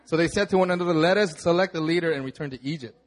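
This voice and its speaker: Young guy pastor, high voice, chatty sermon, does silly voices for the crowd. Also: rapid-fire. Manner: casual storytelling, acts out the crowd in dramatic voices. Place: church hall.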